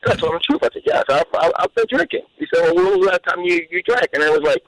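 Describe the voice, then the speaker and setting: A man calling in to a radio show, telling a personal story in an animated way, with repeated words and restarts. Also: fairly high pitch, racing, no echo, low-quality recording. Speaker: caller.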